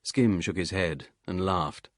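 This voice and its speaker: A man narrating an audiobook thriller in a measured, steady reading. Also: low voice, no echo, clean studio sound. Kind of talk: scripted narration.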